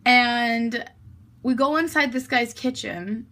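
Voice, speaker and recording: A young woman vlogger telling a wild night-out story in casual, animated speech, full of "like" and swearing. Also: a little high, slow. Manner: animated, heavy use of "like" and swearing.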